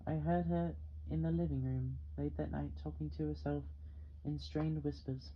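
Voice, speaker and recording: A man narrating a novel in the first person, with a steady, measured delivery. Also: fairly high pitch, lo-fi sound, a little hiss or hum. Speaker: audiobook reader.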